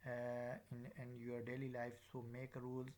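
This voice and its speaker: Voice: mid-range voice, completely flat delivery, normal speed, darkish tone, poor audio. A pronunciation teacher giving a recorded lecture, hesitant with frequent fillers and drilling example words one at a time.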